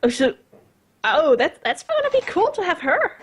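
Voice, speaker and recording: A woman's voice: extremely high pitch, wildly swooping pitch, normal speed. A woman playing a tabletop game, talking in a hesitant, giggly way. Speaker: player. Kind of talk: casual tabletop play.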